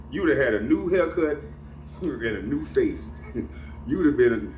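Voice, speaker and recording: A man's voice: medium pitch, a little hiss or hum. A middle-aged man rants to camera. He is profane and taunting, and he laughs at his own jabs. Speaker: vlogger. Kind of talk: confrontational rant to camera. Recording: echoey room, off-mic, faint ambience.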